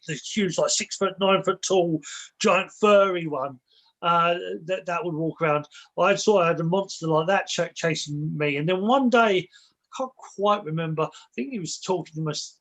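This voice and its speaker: A fairly high, slightly bright male voice comes through a low-quality recording. He's a spiritual and martial arts teacher appearing as a guest in a casual interview, reflective and rambling, often repeating words and restarting sentences as he explains ideas through personal stories.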